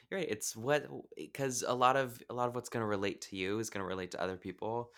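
Low-voiced effusive male podcast host. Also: steady tone, fast, few pauses, a bit bright. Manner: gushing, effusive, with many fillers. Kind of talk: casual podcast chat.

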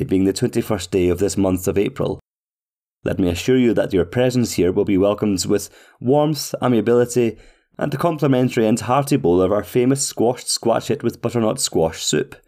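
A man's voice: lowish voice, a little mellow. A man voicing a pompous male restaurant manager who reads out a formal, flowery, overly polite letter. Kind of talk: scripted reading of a letter.

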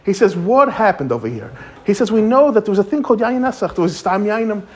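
A rabbi with a high, slightly husky voice gives a casual weekly Torah lesson. He talks through the texts conversationally and paraphrases the commentators with some animation. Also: expressive, fast, darkish tone.

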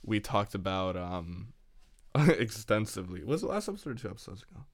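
A male podcast host with a fairly low voice, joking, giggling and rambling through casual chat. The sound is dry and close, with no room echo. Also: big pitch swings, fairly quick.

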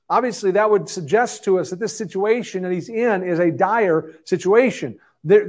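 A man's voice: sits high, darkish tone. A man preaching an expository sermon, earnest and conversational, often restarting his phrases. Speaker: pastor.

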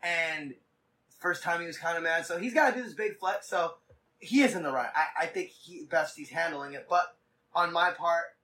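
A man hosts a casual podcast, spinning a rambling, profane story in quick bursts. His voice sits a little high and has a bright, forceful edge. He sounds set back from the mic. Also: far from the mic, rough recording. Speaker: podcast host.

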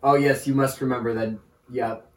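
A man's voice: mid-range voice, fairly even intonation, normal speed. A young man in casual chat as a podcast co-host, teasing and wry. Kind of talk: casual chat among friends. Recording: echoey room, distant mic.

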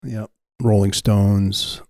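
A man in casual comedic chat, adding dry, deadpan jokes. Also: lowish voice, extremely slow.

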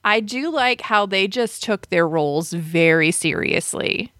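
A chatty woman host rambles casually, often laughing and restarting her sentences. Her mid-pitched voice is recorded dry and close, with no room sound. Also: expressive, a little slow, a bit bright, no room sound. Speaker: radio and podcast host. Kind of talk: casual chat about a movie.

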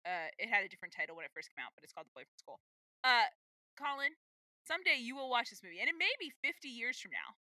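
A woman's voice: on the high side, sing-song, very fast, sharp tone, dry recording. A woman co-hosting a podcast, chatting casually with enthusiastic, rambling asides. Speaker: podcast co-host. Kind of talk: casual chat.

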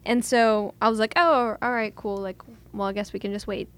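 A woman's voice: medium pitch, steady tone, moderate pace. A young woman, chatting casually and acting out what others said as she tells a story. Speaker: guest telling a proposal story. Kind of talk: casual chat.

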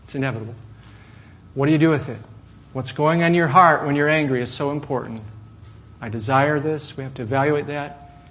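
A middle-aged male pastor telling a personal story in a sermon, swinging from loud, animated outbursts to soft asides. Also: fairly high pitch, fairly quick. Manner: animated storyteller, rising loud when acting out anger, dropping soft for asides.

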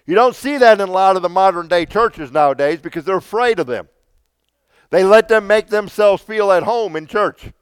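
Man, fairly high voice, smooth tone, dry close sound, rambling casual storytelling, repeats himself. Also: no room sound.

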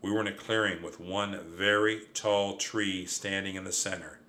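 A man narrates a children's storybook with lively, expressive delivery. His voice sits somewhat low but sounds bright and forceful. He reads with clear energy. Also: moderate pace. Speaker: audiobook narrator.

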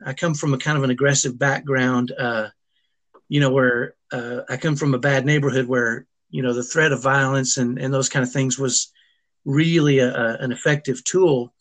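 A man's voice: mid-range voice, fairly even intonation, fairly bright tone. A middle-aged man telling a personal family story as an interview guest, earnest and emotional, often restarting his sentences. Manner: earnest, halting, with frequent restarts.

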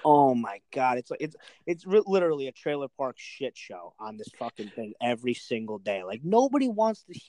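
A man's voice: medium pitch, big pitch swings, a little fast, hardly any pauses, dark tone, dry recording. A young man co-hosting a podcast in casual, profane banter, ranting and mocking with frequent laughter. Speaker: podcast co-host.

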